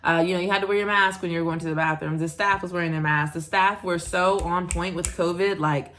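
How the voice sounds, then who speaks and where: Young American woman, casual vlog narration, chatty with fillers, slightly low voice. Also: steady tone, fast talker, a bit bright. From United States. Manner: chatty, frequent "like" and little laughs. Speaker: vlogger.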